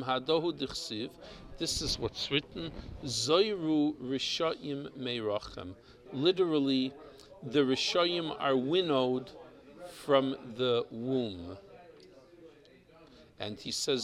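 A man with a teaches a Torah class, moving slowly through each verse. His voice has a gravelly, creaky texture, and he often stops to repeat a word while he thinks. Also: medium pitch, a bit bright. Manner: explains Hebrew text, mixes Hebrew and English terms.

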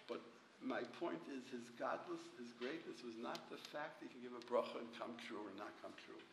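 An older man with a gravelly voice tells stories in a halting, rambling way. He sounds distant from the mic, in a roomy space with clear background noise. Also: mid-range voice. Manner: rambling, halting, full of restarts. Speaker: storyteller. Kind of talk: telling anecdotes to a small group. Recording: echoey, distant, noisy room.

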